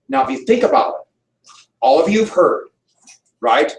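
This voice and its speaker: Lively storytelling man lecturing. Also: sits high, moderate pace, vocal fry, pauses often. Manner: lively storytelling, acts out quotes. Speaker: history lecturer. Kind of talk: classroom lecture. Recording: echoey room, mic far off.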